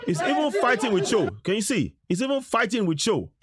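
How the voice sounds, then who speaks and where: A man's voice: high voice, sing-song, brisk. A middle-aged man giving indignant commentary over video footage, insisting and repeating himself. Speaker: activist commentator.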